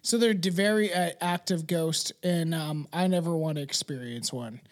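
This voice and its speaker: A man's voice: fairly high pitch, moderate pace. Rambling, profane male podcast co-host. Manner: rambling, profane, laughs easily, drops into a mumble. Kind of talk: casual chat.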